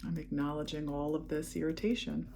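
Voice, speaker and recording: A woman leading a guided EFT tapping session, speaking calm, repetitive affirmations. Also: low-pitched, fairly quick, slight background noise.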